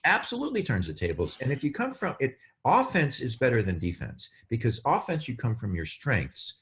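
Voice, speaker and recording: A man speaking as a guest on a podcast, explaining in an animated way and acting out quotes. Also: medium pitch, a little fast. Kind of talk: casual podcast chat.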